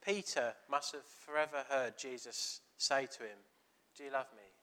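A man's voice: mid-range voice, a bit bright. A man preaching a chatty, storytelling sermon, acting out quoted dialogue.

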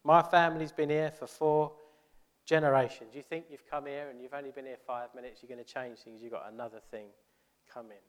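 A man's voice: mid-range voice, fairly even intonation, fairly quick, in a large hall, close to an everyday voice. A man playing an indignant longtime church member who defends every old fixture, in a huffy, defensive way. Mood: scolding. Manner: huffy, defensive, rising to scolding.

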